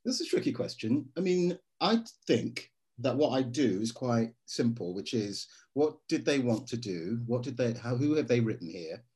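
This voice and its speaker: A man, an actor being interviewed, telling stories in a lively way and slipping into voices for quotes. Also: mid-range voice, normal speed, few pauses. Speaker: actor guest. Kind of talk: casual interview.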